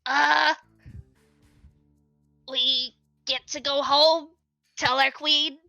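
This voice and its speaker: A frightened little kobold captive, stammering and pleading, high and squeaky as a woman game master puts it on. The voice is bright and sharp, recorded close and dry with no room sound. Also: little pitch movement, drawn-out words, creaky, no room sound, lo-fi sound, faint music behind, heavily acted. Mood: scared pleading.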